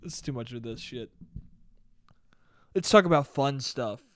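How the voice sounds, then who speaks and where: A man's voice: medium pitch, expressive, measured pace, fairly bright tone, no echo. A young man hosting a solo podcast, rambling and joking with lots of swearing. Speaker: podcast host. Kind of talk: solo casual podcast rant.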